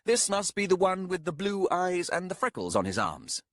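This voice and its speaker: A bitter, proud young man, voiced by a male narrator in a fantasy audiobook. His voice is lifted higher and sharp, and each line is curt and resentful. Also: big pitch swings, normal speed, dry recording, clean studio sound.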